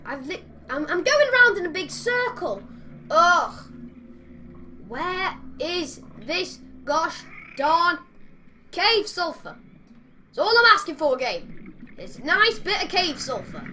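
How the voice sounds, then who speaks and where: A high-voiced woman chats through her gameplay, grumbling and pleading with the game. Her tone is bright and sharp, and a faint hiss sits under the recording. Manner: chatty, exasperated, talks to the game creatures. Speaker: gamer. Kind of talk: playing commentary.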